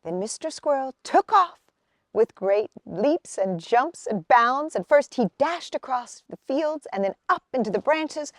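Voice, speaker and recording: A woman reading a children's picture book aloud outdoors, unhurried and expressive. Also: sits high, no echo, studio quality. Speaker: storybook reader.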